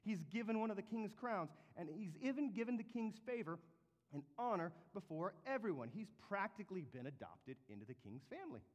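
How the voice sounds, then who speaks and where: A male pastor preaches in an animated, comic storytelling style. His voice sits a little high for a man and carries a long reverb tail through a large hall. He shifts easily between jokes and earnest points. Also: fairly quick. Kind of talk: sermon.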